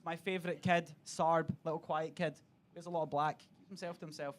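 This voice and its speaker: A man's voice: high voice, fairly bright tone. A man doing live stand-up comedy on a club stage, swearing freely and acting out other people's voices. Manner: swearing, quick act-outs of other voices.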